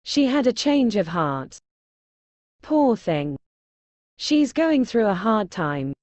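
She is a bold, scheming mother in a TV drama. Her voice sits fairly high and swings lively up and down, with slow, deliberate pacing. The sound is dry and close. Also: no echo, lo-fi sound. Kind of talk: TV drama acting.

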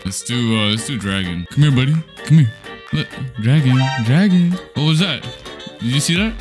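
Young male gaming creator, mid-pitched, playful and teasing, with light music underneath. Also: expressive, moderate pace. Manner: playful teasing banter with slang, frequent laughs. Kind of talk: casual gameplay commentary. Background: faint background music.

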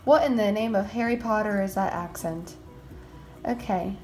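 A woman hosting a game roleplay video, talking casually and excitably as a mom, with frequent exclamations. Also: medium pitch, normal speed, soft background music.

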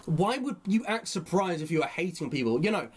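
A man's voice: sits high, sing-song, breathy edge. Rambling man thinking aloud. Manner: rambling, thinks aloud, slow while dictating. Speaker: streamer and commentator. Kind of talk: live-streamed opinion commentary.

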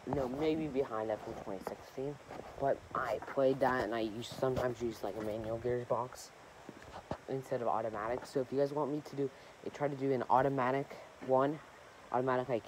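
Talking casually to viewers of his gaming channel, a young man rambles through a vlog-style chat, often correcting himself and using plenty of fillers. His voice sits in the mid range, with background noise in the recording.

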